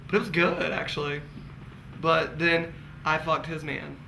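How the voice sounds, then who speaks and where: A man's voice: a little high, fairly even intonation, unhurried, vocal fry, pushed and bright, slight background noise, rough recording. A man telling candid, campy stories to friends as a casual vlog, laughing often. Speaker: vlogger. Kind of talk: casual gossipy storytelling.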